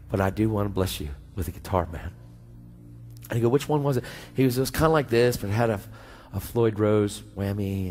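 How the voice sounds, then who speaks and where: A man preaching a sermon, telling a story in a slangy, animated way and acting out both sides of the conversation. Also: on the low side, husky. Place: church sanctuary. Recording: church hall reverb with faint music.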